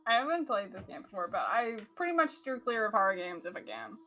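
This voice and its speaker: A woman's voice: medium pitch, sing-song, fast, very noisy. A woman streamer chatting casually while gaming, in a valley girl drawl full of "like".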